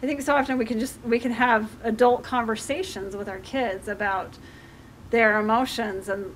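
A middle-aged woman speaking as a life coach to a community group, animated and acting out conversations with her kids. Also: a little high, normal speed, slight background noise. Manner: animated, acts out parent-child dialogue. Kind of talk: community talk with audience questions.

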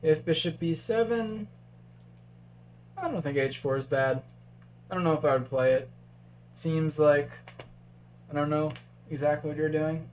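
A man's voice: fairly high pitch, a little slow, long pauses, darkish tone, slight background noise. A man casually commentating a chess game on a live stream, thinking aloud through moves and answering chat.

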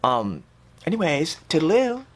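A woman's voice: low-pitched, sing-song, a little slow, full character voice. A woman voicing a chatty, shallow young woman who rambles with constant fillers in a comedy sketch. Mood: gushing.

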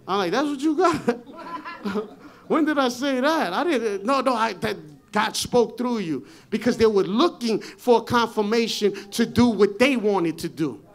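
A pastor preaching a sermon in a church on a handheld mic. He often repeats and restarts his words, and his voice swells into shouts as his passion builds. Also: very high-pitched, lively intonation, unhurried. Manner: impassioned preaching, rising to shouts. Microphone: handheld microphone.

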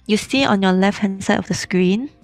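A woman's voice: mid-range voice, normal speed, no echo, faint music behind. A woman chatting casually with a streamer friend, teasing and blunt. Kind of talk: casual chat.

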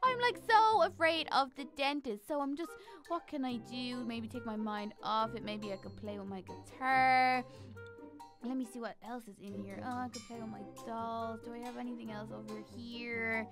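A woman's voice: fairly high pitch, moderate pace, over music, close to an everyday voice. A woman voicing a young girl in a game role-play who frets and hesitates as she talks to the viewers. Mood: nervous. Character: young girl, anxious before getting braces. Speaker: Minecraft role-play character. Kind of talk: role-play vlog narration.

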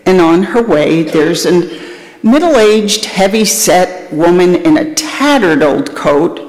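A pastor preaching a sermon with illustrative stories, speaking deliberately in a church sanctuary. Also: mid-range voice, animated, a little mellow. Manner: storytelling, deliberate. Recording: echoey church hall, long reverb.

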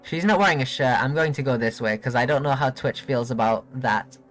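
A young man streaming a video game live, chatting excitably and giggling with his viewers. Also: medium pitch, a little fast, soft background music. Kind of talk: live gameplay commentary.

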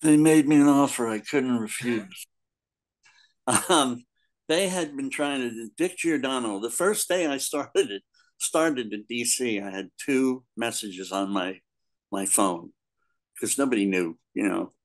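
A man in his sixties, a guest in an interview, telling stories in a casual, animated way, laughing often and acting out other people's lines. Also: mid-range voice, takes it slowly, low-quality recording. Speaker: guest, comics editor.

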